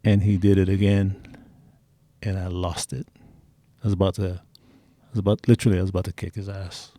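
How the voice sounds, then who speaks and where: A man's voice: deep voice, flat delivery, brisk, warm tone, dry recording. A middle-aged man telling personal stories in a casual interview, candid and blunt. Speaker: interview guest.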